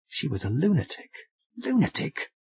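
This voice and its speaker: A man narrating an audiobook story in a measured, wry storytelling manner. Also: sits low, big pitch swings, darkish tone, breathy edge, no echo. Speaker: audiobook reader.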